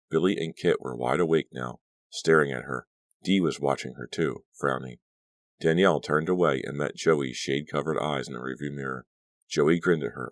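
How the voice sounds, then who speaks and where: Very deep-voiced man narrating an audiobook. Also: no room sound. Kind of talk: scripted narration.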